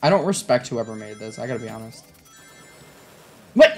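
A woman commenting on a story game as she plays, reading its dialogue aloud and swearing and yelling in frustration. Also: rumbling low, animated, a little fast, creaky, long pauses, faint music behind. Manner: swears freely and yells in frustration; reads the game's dialogue lines aloud. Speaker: gamer playing through a story game. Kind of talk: let's play commentary.

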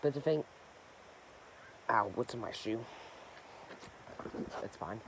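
A man's voice: medium pitch, slow pace, pauses often, noisy background. A young man chatting casually to his channel's viewers. He rambles, corrects himself often and leans on a lot of fillers. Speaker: gaming channel host. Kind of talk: casual rambling vlog chat.

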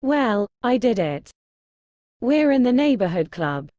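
She is a bold, scheming mother in a TV drama. Her voice sits fairly high and swings lively up and down, with slow, deliberate pacing. The sound is dry and close. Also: no room sound, dull audio. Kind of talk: TV drama acting.

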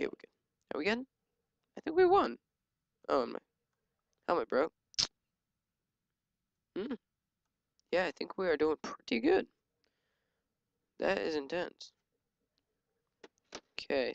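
A gaming channel host giving excitable live commentary while playing, yelping and joking at enemies. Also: mid-range voice, a little slow, creaky, long pauses, no room sound. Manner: excitable, yelps and jokes at enemies. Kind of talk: live let's-play commentary.

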